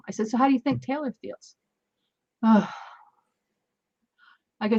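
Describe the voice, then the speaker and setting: A woman's voice: mid-range voice, moderate pace, pauses often, highs cut off. A woman guest telling parenting stories in a casual interview, acting out the dialogue as she goes. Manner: animated anecdotes, acts out dialogue. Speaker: guest, energy healer.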